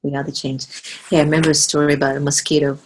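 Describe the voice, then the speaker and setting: A woman speaking as a spiritual guest in a conversational interview, earnest and animated. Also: deep voice, very fast, breathy edge, low-quality recording.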